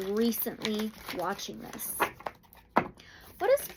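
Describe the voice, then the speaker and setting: A woman giving a solo tarot reading. She talks in an excitable way, gasps and sometimes drops to a whisper. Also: on the high side, takes it slowly, pauses often, heavy background noise. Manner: excitable, gasping and dropping to whispers. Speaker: tarot reader.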